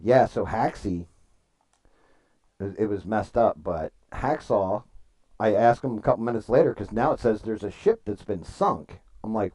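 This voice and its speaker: A man's voice: lowish voice, dark tone. A man streaming and chatting casually, telling rambling stories, swearing freely and answering viewers' comments. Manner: rambling storytelling, swears freely, reads chat aloud. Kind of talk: casual livestream chat.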